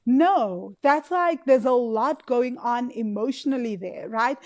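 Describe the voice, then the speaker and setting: Woman host, lightly raised pitch, expressive and conversational. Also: unhurried. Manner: emotive, chatty, fillers and tag questions. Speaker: podcast host and money coach. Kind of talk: casual solo podcast talk.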